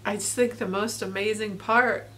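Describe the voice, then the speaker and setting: A woman's voice: medium pitch, steady tone, normal speed, sharp tone, a little hiss or hum. Tearful, grateful woman vlogger laughing through it. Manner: rambling with many fillers. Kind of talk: personal video diary.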